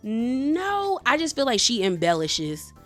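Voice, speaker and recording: A woman recapping a reality TV episode in a casual, chatty, slangy way, retelling the arguments with animated quoting. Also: on the high side, slow pace, faint music behind.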